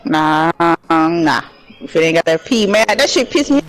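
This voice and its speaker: Excitable man with a bouncy, lively voice. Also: a little high, faint music behind, rough recording. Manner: excitable, quick to protest and joke. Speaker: gaming teammate. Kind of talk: casual gaming chat.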